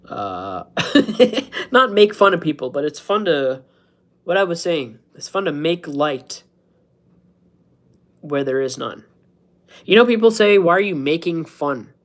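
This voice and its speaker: Rambling, joking man streaming live. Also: fairly high pitch. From United States. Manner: joking, self-mocking, laughs at his own jokes. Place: at home, indoors.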